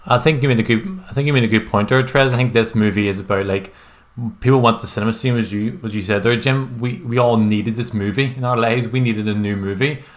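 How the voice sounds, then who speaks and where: A man's voice: mid-range voice, fairly quick. A man hosting a casual podcast chat, rambling and restarting his thoughts. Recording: roomy echo.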